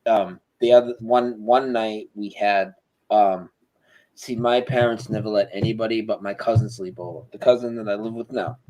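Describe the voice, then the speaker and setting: A man's voice: lowish voice, normal speed, low-quality recording. A man telling a story over a video call. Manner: animated, imitates sounds, swears freely. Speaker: interview guest. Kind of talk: casual storytelling.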